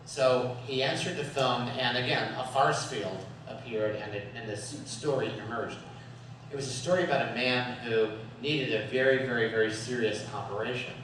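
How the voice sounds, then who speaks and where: A man's voice: mid-range voice, moderate pace, fairly bright tone, slight background noise. Male guest speaker, joke-laden storyteller; distant mic in an echoey hall, faint ambience. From USA. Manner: storytelling with jokes, chuckles often. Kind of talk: humorous talk at a Sunday service. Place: worship hall.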